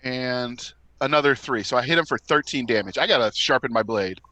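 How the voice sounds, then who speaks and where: Bright, playful male player. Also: medium pitch, a little fast, dry recording, rough recording. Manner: playful, reads chat aloud. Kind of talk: casual tabletop game chat.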